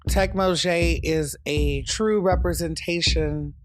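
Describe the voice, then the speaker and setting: A man from North Carolina tells his story in a reflective, measured way for a documentary interview. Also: fairly high pitch, fairly even intonation, no room sound, studio quality. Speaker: dance company founder. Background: soft guitar music.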